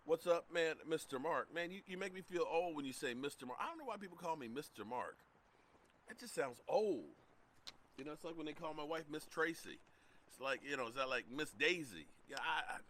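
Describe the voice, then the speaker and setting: A middle-aged man hosting a casual live sports talk stream, greeting chat viewers by name in an animated way. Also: on the high side, a little hiss or hum. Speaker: livestream sports show host.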